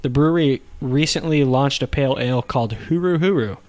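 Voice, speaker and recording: A man's voice: medium pitch, fairly quick, darkish tone. Casual podcast co-host: young man, easygoing, laughs a lot, stumbles while reading news aloud. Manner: laid-back, laughs often, stumbles over words.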